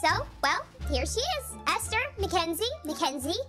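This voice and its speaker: A woman's voice: very high-pitched, big pitch swings, normal speed. A woman playing a sweet, clingy mom. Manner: sweet, soothing, a bit pushy. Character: clingy, cheerful mom of a teenager. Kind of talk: game roleplay voice acting. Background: background music.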